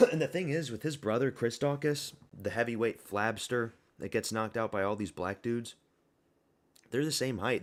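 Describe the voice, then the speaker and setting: A young man giving a casual, blunt and rambling fight review monologue, full of opinions and fillers. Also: on the low side. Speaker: MMA commentary YouTuber.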